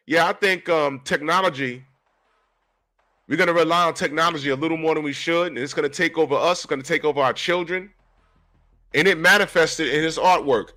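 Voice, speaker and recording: A man in his forties giving animated, casual commentary on a comic book, talking straight to his viewers. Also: a little high, fairly quick. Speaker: comic book reviewer and artist.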